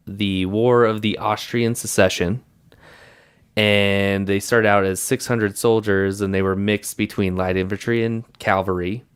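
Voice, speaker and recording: A man with a smooth, clear and somewhat low voice co-hosts a casual podcast. He rambles through his points with plenty of fillers and easy laughter. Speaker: podcast co-host. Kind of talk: casual chat.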